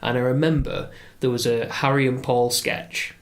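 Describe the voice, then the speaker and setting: A man, a guest in casual podcast chat, telling stories in an animated way with lively asides. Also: medium pitch, normal speed.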